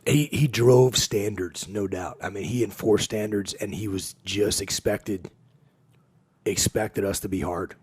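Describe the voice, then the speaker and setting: A man's voice: lowish voice, measured pace, slightly rough. A man telling stories in casual podcast conversation, acting out quotes with laughter along the way. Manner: animated storyteller, acts out quotes with laughs. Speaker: podcast guest.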